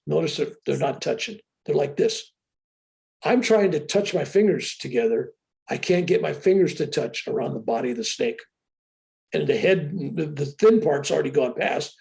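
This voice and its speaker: An older man telling a story with animated excitement as an interview guest on a video call. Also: fairly high pitch, vocal fry. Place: room with a sheetrock wall.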